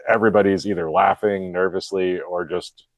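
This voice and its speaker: A man's voice: sits low, steady tone, moderate pace, no echo. A man who is a guest on a podcast, chatting casually with laid-back, joking asides.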